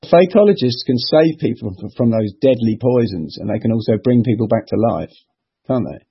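A man's voice: mid-range voice, animated, a little fast, husky. A man hosting a casual group chat, laughing often and telling crude jokes loosely. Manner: laughing, loose joke-telling, many fillers. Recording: dull lo-fi call audio.

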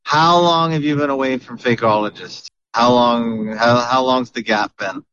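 Male podcast host, mid-pitched, rambly with fillers; muffled lo-fi audio. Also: normal speed, a bit bright, a little hiss or hum. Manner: chatty, with many fillers and restarts. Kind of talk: casual chat.

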